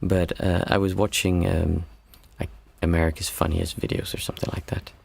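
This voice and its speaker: A man's voice: deep voice, flat delivery, normal speed, creaky, a little mellow. A man who is a meditation teacher and former monk, talking through a livestream Q&A in a reflective, storytelling way with frequent restarts. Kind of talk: casual livestream Q&A talk.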